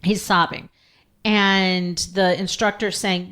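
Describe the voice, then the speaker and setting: A woman's voice: medium pitch, slow, a bit bright. A woman co-hosting a podcast, telling a story with earnest, emphatic conviction. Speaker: podcast co-host.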